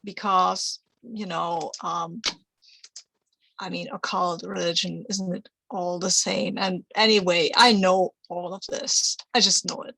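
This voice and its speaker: A woman's voice: lowish voice, fairly even intonation, slow, creaky, bright, forceful tone, husky, no echo, low-quality recording. A woman playing a tabletop game, rambling and reassuring herself, restarting her sentences. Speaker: player. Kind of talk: casual tabletop play.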